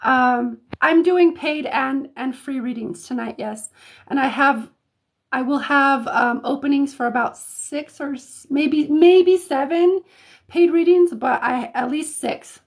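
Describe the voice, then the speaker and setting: Woman host from Colorado, casual live-stream chat, high voice, unhurried, giggly and full of ums. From Colorado, United States. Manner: chatty, laughs often, frequent ums and restarts. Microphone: phone or webcam mic, live stream.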